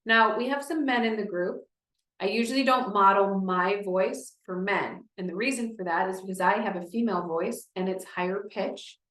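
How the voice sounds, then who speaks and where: A woman's voice: mid-range voice, normal speed, a bit bright, roomy sound, low-quality recording. A woman speech therapist leading a group through voice exercises, encouraging and explaining each step.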